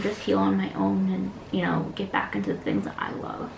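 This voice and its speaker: A woman, talking earnestly and haltingly in a personal vlog, close to tears and sometimes dropping to a soft whisper. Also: medium pitch, sing-song, creaky. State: near tears. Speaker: beauty vlogger. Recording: echoey room with faint noise.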